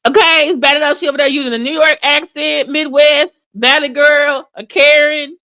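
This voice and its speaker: A woman hosting a casual livestream commentary, chatty and animated, with many fillers and restarts. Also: high voice, moderate pace. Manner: addresses viewers in chat by name. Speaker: commentary channel host.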